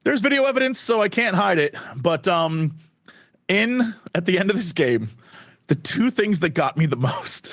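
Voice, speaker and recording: A man guesting on a podcast, chatting in an animated, excitable way and laughing often. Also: high voice, moderate pace, no room sound, clean studio sound. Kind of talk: casual podcast chat.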